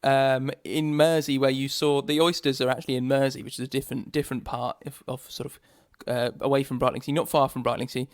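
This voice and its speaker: A man's voice: medium pitch, flat delivery, fast talker, hardly any pauses, no echo. Laughing young English man, dry sound. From England. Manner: laughs often, stumbles and restarts, playful. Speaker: podcast co-host. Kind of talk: casual podcast chat.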